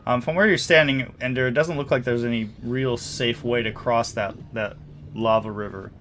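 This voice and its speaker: A man's voice: medium pitch, fairly even intonation, moderate pace, fairly bright tone, a little hiss or hum. A man running a tabletop game as game master, narrating casually with lots of fillers.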